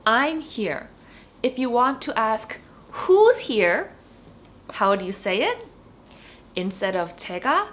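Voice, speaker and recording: A woman giving a casual online Korean lesson, chatting in English and saying each Korean example slowly and clearly, then repeating it. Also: fairly high pitch, very animated, a bit bright. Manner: chatty, explains with "like" and "you know". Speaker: Korean language teacher.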